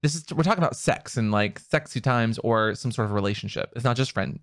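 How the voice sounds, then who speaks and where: A man chatting casually as a co-host, his pitch bouncing around a lot as he teases and jokes. His voice sits in a middle register and sounds close and dry, with no room around it. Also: animated, fairly bright tone, no echo. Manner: playful, teasing, quick to joke. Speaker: podcast co-host and online content creator. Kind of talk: casual chat.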